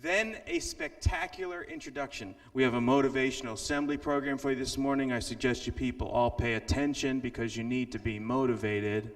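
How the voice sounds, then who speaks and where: Guy doing a grumpy bossy principal voice, low and gravelly, scolding kids, booming from far off in an echoey hall. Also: lively intonation. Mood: stern, scolding. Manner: scolding, threatening, halting. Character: stern middle-aged male school principal, bossy.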